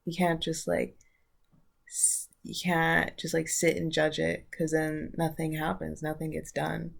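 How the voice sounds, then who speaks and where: A woman's voice: low voice, monotone, a little slow, creaky. A woman vlogger giving a casual spiritual talk, loose and searching as she thinks aloud.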